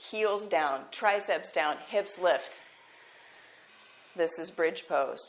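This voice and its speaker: A woman yoga teacher giving calm, encouraging cues during a live class in a yoga studio. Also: mid-range voice.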